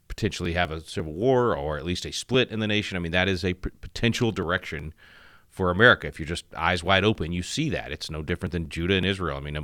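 Radio host, man, middle-aged, very low voice, dry studio sound, loose rambling delivery. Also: bright, forceful tone, no echo. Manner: rambling, frequent restarts and filler. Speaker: radio talk show host. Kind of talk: casual radio commentary.

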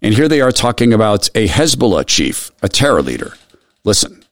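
A middle-aged man hosting a radio show, telling a personal story earnestly and softly and closing in prayer. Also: lowish voice, big pitch swings, a little fast. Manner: earnest, soft storytelling that drops quiet when moved.

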